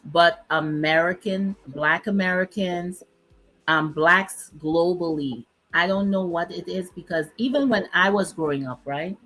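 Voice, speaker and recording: Slow-speaking woman, low voice. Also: fairly bright tone, rough recording. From Dominica. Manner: reflective, emphatic, speaks in short phrases. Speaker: host. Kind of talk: casual chat.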